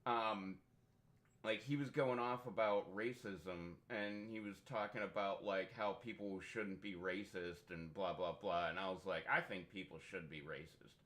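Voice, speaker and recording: His voice fairly low and his pace measured, a young gaming streamer chats loosely and spins meandering stories. He's lively and profane, laughing a lot along the way.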